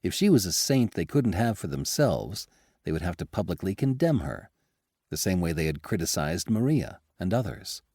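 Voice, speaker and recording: Expressive male narrator, animated delivery, dry close-miked read. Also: deep voice, normal speed, dry recording. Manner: lively, expressive first-person storytelling. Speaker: audiobook narrator. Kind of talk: scripted audiobook narration.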